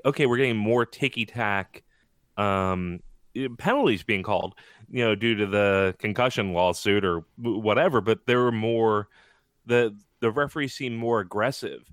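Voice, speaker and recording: A man's voice: mid-range voice, fairly bright tone, dry recording, studio quality. A man co-hosting a sports podcast in casual chat, rambling and laughing often. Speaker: podcast co-host.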